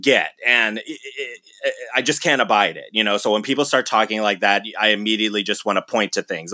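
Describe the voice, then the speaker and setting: A man's voice: lowish voice, brisk, bright, forceful tone, no room sound, clean studio sound. A man in casual chat, ranting with lots of swearing and laughing between points.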